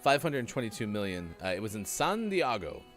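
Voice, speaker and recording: Guy cohost, low voice, very animated, jokey and relaxed. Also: fairly quick, soft background music. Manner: relaxed, joking, reads from a list. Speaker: morning show co-host. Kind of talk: casual chat, reading news items.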